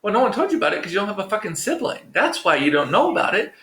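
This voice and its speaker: A man's voice: high voice, very animated, rapid-fire, pushed and bright. A man hosting his own vlog, chatting casually to viewers with profane, joking, rambling asides. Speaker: vlog host. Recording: roomy echo.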